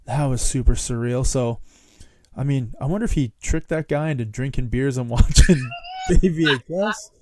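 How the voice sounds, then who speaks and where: A man's voice: medium pitch, normal speed, a little mellow, slight background noise. A man hosting a podcast, casually telling a rambling story and laughing between lines. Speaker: podcast host. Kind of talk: casual chat.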